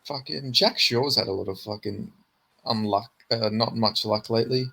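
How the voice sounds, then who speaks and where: A man's voice: lowish voice, moderate pace, gravelly, bright, forceful tone, slightly rough. Sweary, laid-back male podcast co-host. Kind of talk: casual chat about fights.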